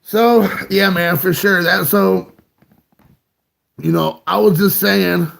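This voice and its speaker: A man's voice: sits high, steady tone, slow, creaky, fairly bright tone. A man hosting a live stream, chatting casually and rambling while greeting viewers by name.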